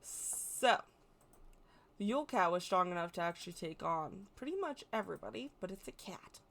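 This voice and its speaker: A woman's voice: on the low side, expressive, moderate pace. An American woman explaining folklore in a casual, chatty way, correcting herself as she goes and adding playful asides. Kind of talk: casual educational talk.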